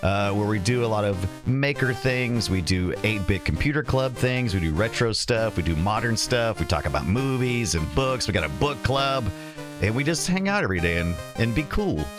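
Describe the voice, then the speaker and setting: A man's voice: lowish voice, lively intonation, moderate pace, music in the background. A man hosting a casual retro computer livestream, rambling and correcting himself as he reads the chat. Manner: rambling, self-correcting, reads chat and game text aloud.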